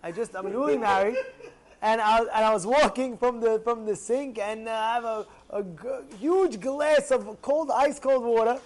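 With a very high voice at a moderate pace, a young man gives a religious lesson to a class. His stories come alive as he acts out angry outbursts and throws rhetorical questions at his listeners.

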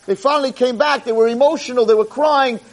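A man giving an animated holiday sermon as a rabbi, mixing Hebrew verses with English and acting out the quotes dramatically. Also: fast talker. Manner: dramatic, acts out quotes with big pitch jumps. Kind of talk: animated sermon to a live audience.

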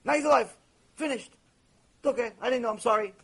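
A man's voice: extremely high pitch, quick pace, a bit bright, slightly rough. A man teaching Torah in a storytelling lecture, repeating phrases and mixing in Hebrew terms.

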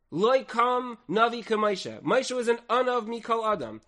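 A man giving an animated Torah lesson, telling the story dramatically and acting out quoted speech with swings in loudness. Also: very high voice, measured pace, hardly any pauses. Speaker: Torah teacher.

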